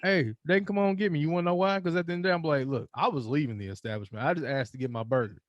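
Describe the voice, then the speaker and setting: A man hosting a casual podcast chat, telling stories with animated, acted-out rants. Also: fairly high pitch, very fast, dry recording, dull audio. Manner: animated storytelling, acts out quoted rants. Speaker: podcast host.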